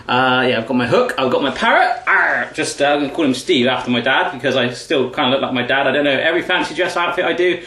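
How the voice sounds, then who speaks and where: A man's voice: mid-range voice, lively intonation, fast, few pauses, a bit bright, roomy sound. A man hosting a cooking show, chatty, jokey and playful as he cooks in a home kitchen into a camera on a tripod. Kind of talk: casual cooking demonstration.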